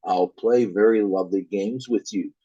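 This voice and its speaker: A man reading aloud as a supernatural elf king who slowly coaxes a child to come with him. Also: sits low, dark tone, breathy edge, muffled recording. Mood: coaxing. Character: luring male elf king spirit.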